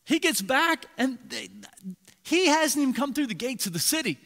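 A man preaching a sermon as pastor, animated, swinging between loud emphasis and hushed asides. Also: very high-pitched, normal speed. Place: church sanctuary. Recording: long reverb in a large hall.

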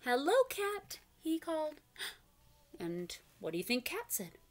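A woman's voice: on the high side, very animated, takes it slowly, soft background music. A young woman reading a picture book aloud to preschoolers, asking the listener questions and making animal noises. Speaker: children's storyteller.

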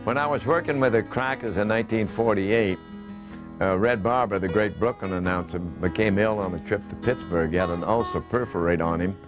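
A man in his eighties, from Georgia in the US, recalling his baseball broadcasting career in an unhurried, folksy interview manner. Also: lowish voice, music in the background. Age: 80s. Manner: unhurried, folksy, gentle chuckles and fillers. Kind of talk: reminiscing interview.

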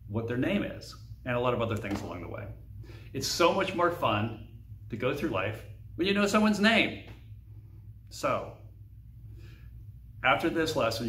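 Playful, lively-voiced male language teacher. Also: mid-range voice, a little hiss or hum. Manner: playful, repeats phrases for learners to echo. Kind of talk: scripted narration for a kids' lesson.

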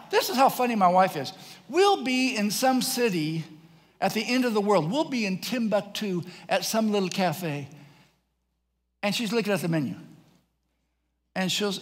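A middle-aged man preaching a sermon as pastor, telling a story and acting out the voices of others, laughing often. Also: high voice. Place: large church hall. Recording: echoey church hall, faint noise.

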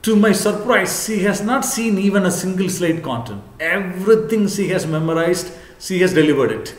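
A male professor giving an earnest lecture to camera, repeating his points and often pausing on "what you call". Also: high-pitched. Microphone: camera, speaking to camera. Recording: echoey room.

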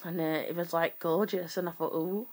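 A woman's voice: on the low side, level tone, a little fast, darkish tone. A woman, from Sheffield, telling a personal story to camera in a rambling, chatty way full of fillers and self-corrections. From Sheffield, England. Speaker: vlogger.

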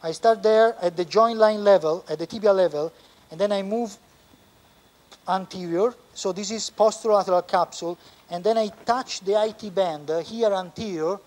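A man with an Italian accent, a surgeon explaining a knee operation step by step as he works in the operating room, pausing often. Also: high-pitched, a little mellow. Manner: explains step by step, halting with frequent pauses. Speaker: orthopedic surgeon. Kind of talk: live surgical teaching demonstration.

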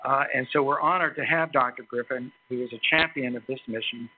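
A man giving a formal introduction of a guest speaker at a lecture, halting often with fillers and restarts. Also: medium pitch. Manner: hesitant, many fillers and restarts. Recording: tinny phone-like recording.

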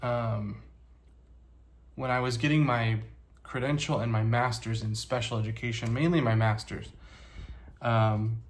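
A man in his thirties talking casually to the camera, halting with many pauses, earnest and grateful. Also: medium pitch, fairly even intonation. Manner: halting, soft-spoken, many ums and pauses. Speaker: vlogger and teacher.

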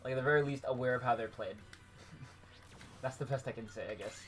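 A man's voice: mid-range voice, fairly quick, music in the background. A man casually commentating his own gameplay on a live stream, self-mocking and swearing when frustrated.

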